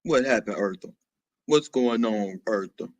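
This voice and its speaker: A man putting on a gruff, deep-voiced grown man, slow and rumbling in a mock-serious way. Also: dry recording, natural voice.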